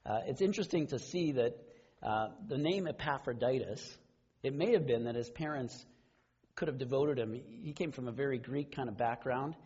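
A man giving a sermon as pastor, speaking conversationally, with quiet asides and the odd chuckle. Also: medium pitch, moderate pace, slightly rough, lo-fi sound.

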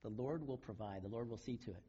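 A man preaching a sermon, retelling scripture stories in a relaxed, conversational way. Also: on the low side, fast, slightly rough, highs cut off. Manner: conversational storytelling, casual paraphrase of scripture. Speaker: pastor.

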